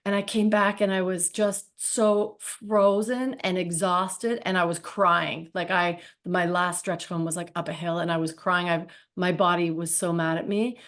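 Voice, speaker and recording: A woman in her thirties, a podcast guest, telling a story in a chatty, rambling way with many likes and ums. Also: lowish voice. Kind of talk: casual storytelling.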